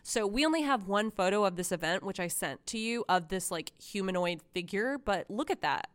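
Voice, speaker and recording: A woman's voice: mid-range voice, animated, brisk, no room sound. Nasal, stuffed-up Californian woman. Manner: chatty, swears, giggles often. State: congested from a sinus infection. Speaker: podcast co-host. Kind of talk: casual chat.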